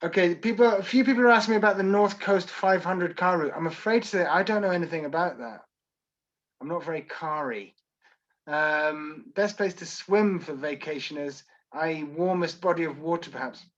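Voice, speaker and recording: A man's voice: a little high, normal speed, a bit bright, muffled recording. A Scottish man working as a tour guide, answering viewer questions in a chatty, self-deprecating way on a video call. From Scotland.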